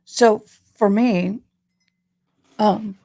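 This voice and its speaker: A woman's voice: mid-range voice, steady tone, extremely slow, warm tone. A woman vlogger talking casually to her viewers about a trial, in a rambling, conversational way. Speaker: true crime vlogger.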